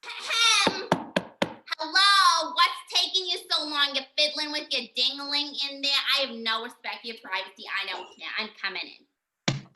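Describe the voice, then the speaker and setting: Woman as bossy snob mom, high and swooping, echoey room, webcam comedy sketch. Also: huge pitch swings, moderate pace, background noise. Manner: shrill, scornful and shouting. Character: snobbish bossy suburban mother. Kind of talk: amateur comedy sketch over video call.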